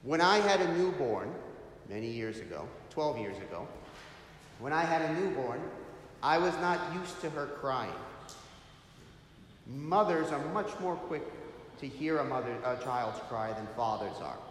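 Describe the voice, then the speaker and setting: A man's voice: mid-range voice, lively intonation, unhurried. A man who is a priest, giving a sermon in a large church in an earnest preaching manner, with rhetorical asides to the congregation. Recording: very echoey hall, faint background hum.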